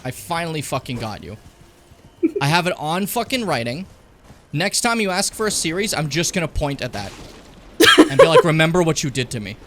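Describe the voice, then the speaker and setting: A man's voice: fairly high pitch, big pitch swings, moderate pace, long pauses, a bit bright, slight background noise. A young man hosting a game stream, joking around in casual, playful chat and sometimes talking while eating. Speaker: streamer host. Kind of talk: casual chat over gameplay.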